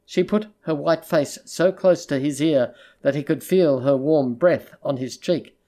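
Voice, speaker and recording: An audiobook narrator reading a literary short story in a measured, even storytelling voice. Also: medium pitch.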